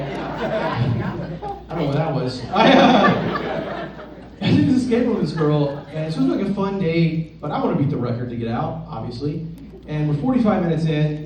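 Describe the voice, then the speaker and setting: Lively young man doing stand-up. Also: a little high, recorded from a distance, background noise. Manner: crowd work, laughing at his own jokes. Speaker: stand-up comedian. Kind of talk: stand-up set. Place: comedy club stage. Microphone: handheld stage mic. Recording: roomy club sound, audience laughter.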